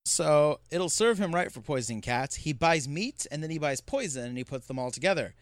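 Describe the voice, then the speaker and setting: A man co-hosting a podcast, recapping a film in casual chat, animated, acting out quotes and laughing often. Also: fairly high pitch, fairly quick, dry recording. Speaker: podcast co-host.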